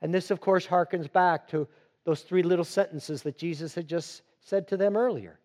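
A man preaching a sermon, slow and emphatic, repeating phrases for weight. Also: high voice, a little mellow. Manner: slow and emphatic, with dramatic repetition.

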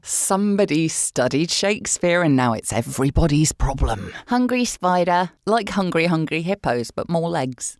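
A woman with a slightly husky voice, chatting casually and sardonically while playing a game, full of swearing and quick jokes. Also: deep voice, expressive, no room sound, studio quality. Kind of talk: casual gaming chat.

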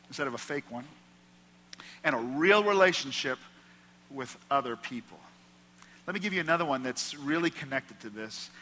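Bright-voiced pastor preaching in a reverberant church. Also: male voice, mid-range voice. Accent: American Midwest. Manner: earnest, conversational preaching with emphatic repetition. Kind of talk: sermon. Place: church auditorium. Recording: long hall reverb from a church.

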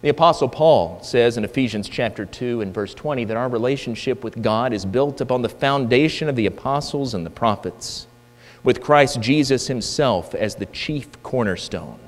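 A man's voice: mid-range voice, normal speed. A man preaching a sermon, emphatic and full of rhetorical questions, in a church hall. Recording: long hall reverb with mains hum.

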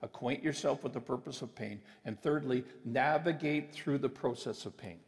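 A man preaching a sermon, emphatic and sometimes slowing his phrases for weight. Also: medium pitch. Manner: emphatic, with deliberate slowed phrases. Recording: long reverb of a large hall.

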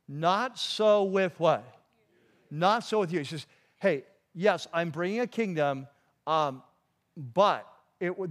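A man preaching a sermon in a conversational way, with frequent restarts and asides to the congregation. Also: a little high. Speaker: pastor.

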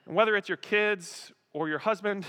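Animated male pastor in a reverberant hall. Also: high-pitched, moderate pace, smooth. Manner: animated, acts out voices and exclamations. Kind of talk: sermon.

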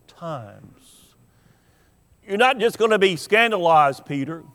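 A man's voice: high-pitched, animated, slow pace, long pauses, a bit bright. A man preaching a sermon in an earnest, emphatic way, acting out the lines he quotes. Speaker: pastor. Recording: long hall reverb.

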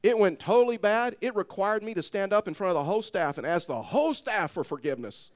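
Animated preaching man telling a story. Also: high voice, fast. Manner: animated storyteller, laughs through the tale. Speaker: pastor. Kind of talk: sermon storytelling.

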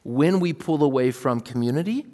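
A man in his thirties preaching a sermon in a relaxed, storytelling way, acting out voices from family anecdotes. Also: fairly high pitch, moderate pace. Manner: casual, storytelling, acts out his kids' voices. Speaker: pastor. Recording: long hall reverb.

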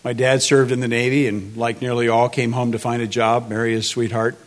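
A man's voice: medium pitch, level tone. A man in his sixties, speaking earnestly and measuredly as he prays and tells his life story at a church marriage event. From United States. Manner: earnest, measured, with frequent uh fillers. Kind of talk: testimony and prayer.

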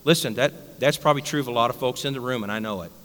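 A man's voice: mid-range voice, rapid-fire, a bit bright, in a large hall. A male pastor preaching a blunt, emphatic sermon straight at his congregation in a church. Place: church sanctuary.

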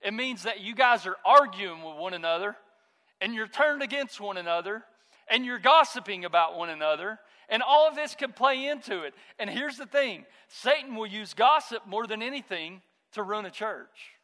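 A high, bright male voice preaching a sermon in a church sanctuary. He is a pastor in his thirties who talks in an easy, conversational way and mixes in stories from home. His words ring out with a long reverb through the hall. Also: animated, moderate pace.

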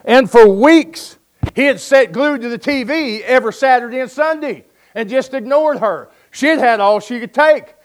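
A man's voice: very high voice, moderate pace. A man preaching a sermon, urging his listeners with emphatic, folksy storytelling and jokes.

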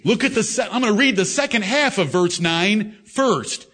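A high-pitched man preaching a sermon to an assembly that answers him. He reads old scripture with weighty, emphatic stress and slows right down on key phrases. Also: expressive, bright, forceful tone. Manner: emphatic King James scripture reading. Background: congregation responses.

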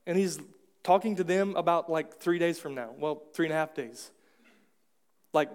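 A man with a fairly high voice preaches a sermon in a church. He talks in a relaxed, conversational way, dropping in quick asides and acting out little quotes. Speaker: pastor.

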